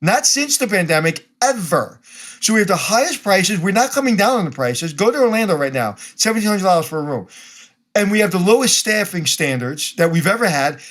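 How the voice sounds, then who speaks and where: A man from Brooklyn speaks as a podcast guest. His voice sits somewhat high for a man. He talks bluntly and directly, and he acts out little scenes of dialogue. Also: sing-song, a little fast, a bit bright. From Brooklyn, New York. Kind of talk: casual interview conversation.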